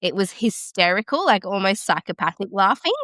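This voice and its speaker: A woman midwife hosting a podcast, chatting casually and warmly affirming her guest. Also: medium pitch, expressive, a little fast, no room sound, studio quality. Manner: enthusiastic and affirming. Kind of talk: casual interview chat.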